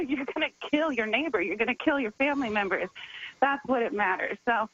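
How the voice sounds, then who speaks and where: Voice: medium pitch, a little fast, fairly bright tone, dull audio. Impassioned strategist guest on radio. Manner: impassioned, repetitive, rising to heated. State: says they are sick. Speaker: political strategist and organizer guest. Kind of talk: passionate call-in radio commentary.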